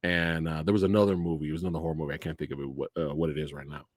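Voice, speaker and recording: A man's voice: a bass voice, level tone, very fast, no echo, studio quality. A man hosting a casual movie review stream. He rants with a lot of swearing and laughs often. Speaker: host of a movie review channel.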